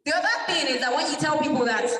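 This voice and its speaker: A woman's voice: high-pitched, lively intonation, fast, pushed and bright. A middle-aged Nigerian woman giving a motivational talk to a church youth camp, putting questions to the audience and answering them herself. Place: large church hall. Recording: echoey hall, mic from far off.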